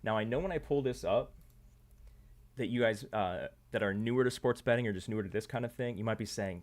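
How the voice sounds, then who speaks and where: A man's voice: fairly low pitch, brisk, darkish tone. A man hosting a sports betting live stream in casual chat, loose and promotional with lots of fillers, his voice getting worn. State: losing his voice.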